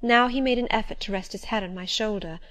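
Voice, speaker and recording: A woman narrating a classic novel as an audiobook in the first person, measured and composed. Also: mid-range voice, fairly bright tone. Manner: measured and composed, with a mid-range voice.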